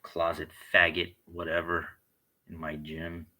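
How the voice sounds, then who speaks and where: A man's voice: low-pitched, completely flat delivery, unhurried, pushed and bright, low-quality recording. A man delivering a blunt, heated monologue full of swearing. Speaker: vlogger. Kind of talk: profane monologue rant.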